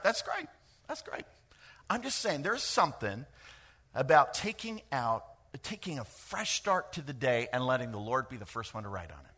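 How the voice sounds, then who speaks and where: A middle-aged man preaching a sermon, lively and joking, with quick asides to the congregation. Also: mid-range voice. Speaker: pastor.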